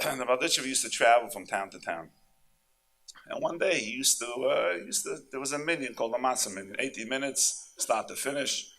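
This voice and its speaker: A man giving an impassioned sermon at a conference, peppered with Yiddish and Hebrew terms, swinging between loud fervent peaks and low confiding asides. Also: expressive, brisk. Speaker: speaker at a conference.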